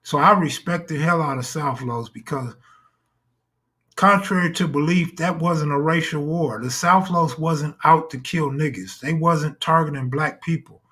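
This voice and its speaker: A man's voice: a little high, a little slow, sharp tone. A man hosting a live stream in casual talk, full of crude, boastful joking banter.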